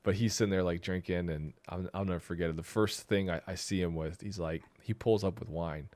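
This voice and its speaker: A man's voice: sits low, fairly even intonation, a little fast, darkish tone, no echo. A young man co-hosting a podcast, telling stories in casual chat, laughing often and trailing off mid-sentence. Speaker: podcast co-host.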